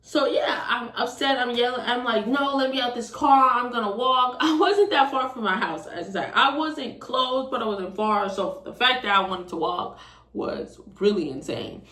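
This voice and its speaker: A young woman in her twenties telling a storytime, casual and animated, swearing often. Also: on the high side, moderate pace. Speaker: vlogger. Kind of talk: storytime vlog. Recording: roomy, distant from the mic.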